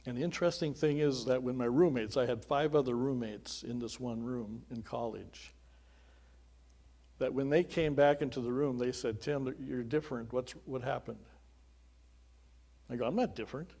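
Middle-aged man, pastor giving a sermon as testimony; conversational, earnest, dark mellow tone. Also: mid-range voice, normal speed. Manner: earnest and conversational, with chuckling asides.

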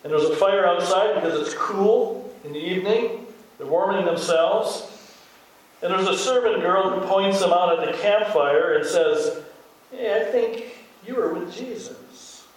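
Older Midwestern pastor in echoey hall. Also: male voice, high voice, moderate pace, far from the mic. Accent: Midwestern American. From American Midwest. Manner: conversational storytelling, acting out quoted lines. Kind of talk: sermon.

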